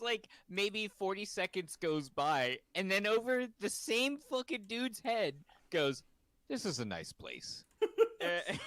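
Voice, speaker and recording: A man's voice: high voice, a bit bright, no echo. A man hosting a casual chat, telling rambling stories with frequent laughter and swearing. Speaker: host.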